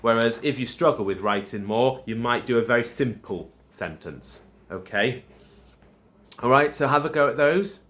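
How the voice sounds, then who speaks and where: A man's voice: mid-range voice, animated, normal speed, a bit bright. A man teaching a recorded lesson to primary pupils, explaining step by step and checking in with "okay?" after each point. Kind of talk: recorded home-learning lesson.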